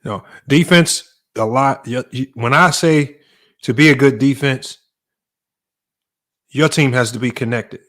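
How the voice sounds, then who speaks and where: A man's voice: medium pitch, a little slow, pauses often, fairly bright tone. A man who coaches basketball, talking in a casual sports debate, emphatic and often repeating words as he builds a point. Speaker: basketball coach and podcast host.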